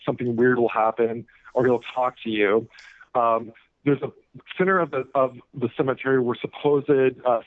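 A man who is a guest author talks casually, rambling with many fillers and restarts. His voice is mid-pitched. It comes through thin, phone-like radio audio with no room sound. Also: no room sound. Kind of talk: casual interview talk.

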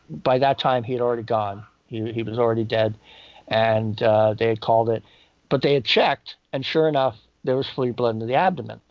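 A man telling a personal story in a halting, reflective way, jumping up in pitch when he quotes people. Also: dry recording. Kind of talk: personal anecdote. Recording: dull lo-fi dry recording.

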